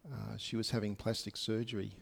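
A man's voice: lowish voice, little pitch movement, fairly quick, creaky. A man preaching a sermon to his congregation, speaking conversationally with many fillers and asides. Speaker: pastor. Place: church service.

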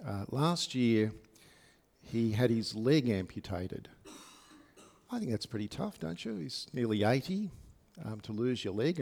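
This pastor's voice is lowish, gravelly and a touch mellow as he preaches during a church service. He addresses his congregation casually, with plenty of fillers and side remarks.

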